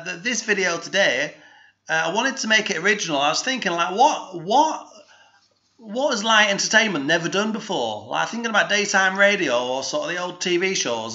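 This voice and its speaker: A man with a put-on Northern English accent hosts a halting, rambling comic monologue, his somewhat high voice very bright and sharp. He stumbles through fillers and restarts with a deadpan, mock-serious air. The sound is a slightly dull, lo-fi home recording. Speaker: comic DJ host.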